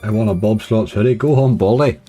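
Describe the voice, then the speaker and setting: A man's voice: lowish voice, a little fast, mellow, breathy edge, faint music behind. A man casually commenting on his slot play, chatty and cheering when bonuses land. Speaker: slots streamer.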